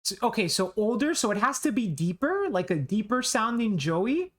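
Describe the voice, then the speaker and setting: A woman's voice: on the high side, sing-song, normal speed. A woman streamer chatting casually during a game playthrough, talking in a self-deprecating way and restarting her sentences often. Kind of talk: casual live game commentary.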